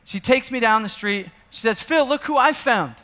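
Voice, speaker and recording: With a very high voice at a moderate pace, a man gives a lively sales keynote from the stage of a large event hall. He acts out conversations within his stories and urges the audience to take part, his words echoing with the hall's long reverb.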